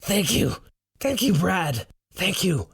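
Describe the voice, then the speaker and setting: A man voicing a high-pitched, panicky man with a Norwegian accent who yells and curses in fear. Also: big pitch swings, a little slow, slightly rough, dry recording, clean studio sound, full character voice. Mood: breathless relief. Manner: yelling in fear.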